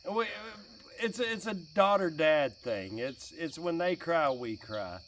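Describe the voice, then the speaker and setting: Middle-aged dad, casual fireside storyteller, fairly high and animated, laughs a lot; distant outdoor mic, soft crickets. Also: male voice, measured pace, slight background noise. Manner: animated, laughs often while telling stories. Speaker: vlogger and dad. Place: outdoors by a fire at night. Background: faint crickets and outdoor ambience.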